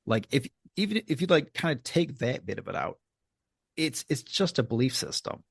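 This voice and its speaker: A man's voice: mid-range voice, sing-song, moderate pace, creaky, slightly rough, no room sound, studio quality. A man co-hosting a podcast in casual chat, hesitant with many ums and stammered starts. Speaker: podcast co-host.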